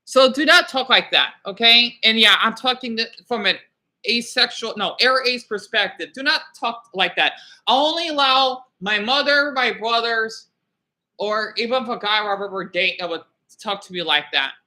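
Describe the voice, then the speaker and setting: A young man talks loosely to his livestream chat in a very bright, sharp-edged voice. He rambles from one thought to the next, scolds commenters and hushes his dogs. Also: extremely high pitch, moderate pace. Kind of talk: casual livestream chat with viewers.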